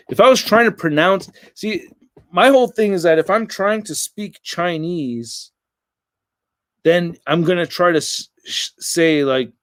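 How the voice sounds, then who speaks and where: This is an American man hosting a casual livestream, talking loosely and rambling through viewer comments. His voice sits a bit higher than most men's. The sound is dry and close, with no room echo. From United States. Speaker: livestream host.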